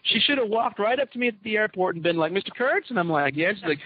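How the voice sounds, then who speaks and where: A fast-talking man with a high, expressive voice and a breathy edge relates a long anecdote to his co-hosts in casual conversation, animatedly acting out the dialogue. The recording is dull, lo-fi, and dry, without echo.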